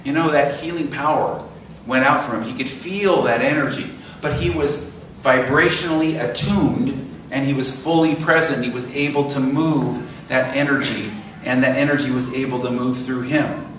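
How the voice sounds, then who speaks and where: Preaching in a church sanctuary, a man in his sixties tells stories with animation and asks his congregation questions. He speaks at normal speed in a mid-range voice. The recording has a roomy echo from a distant mic and a slight hiss or hum.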